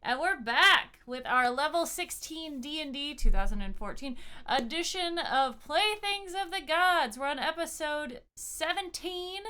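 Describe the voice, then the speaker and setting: A woman's voice: high-pitched, animated, unhurried, hardly any pauses, bright, forceful tone. A woman hosting a live-streamed tabletop game as dungeon master, giggly and rambling, often stopping mid-sentence. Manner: giggly, rambling, self-interrupting.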